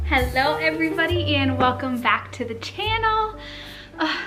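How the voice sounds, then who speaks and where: A woman's voice: high-pitched, animated, normal speed, music in the background. A young woman chatting casually to the camera at home, rambling with lots of fillers, a little out of breath while pregnant. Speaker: lifestyle vlogger. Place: home, indoors.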